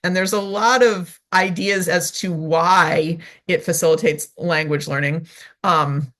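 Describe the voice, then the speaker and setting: A woman violist and researcher, a guest in a casual interview, explaining research in an animated, chatty way with many "like"s and "right?"s. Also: fairly low pitch, measured pace.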